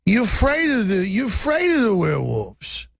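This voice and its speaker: A man's voice: high voice, huge pitch swings, moderate pace, creaky, no echo, clean studio sound, pitched above the performer's own voice, heavily acted. A man putting on a teasing Cockney voice. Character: mocking British man asking about werewolves.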